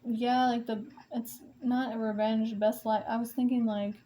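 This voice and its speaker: A woman's voice: fairly high pitch, level tone, normal speed, dark tone, slight background noise. A young mother venting about co-parenting in a casual vlog, emotional and rambling, swearing often and restarting her sentences, while she paints.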